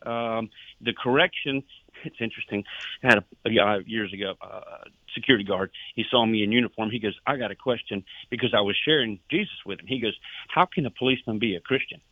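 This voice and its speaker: A man's voice: lowish voice, fast talker, dry recording. A man and former police officer, telling stories and preaching earnestly on a Christian radio talk show. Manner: earnest, preachy storyteller who acts out dialogue. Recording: tinny phone-line radio sound, dry.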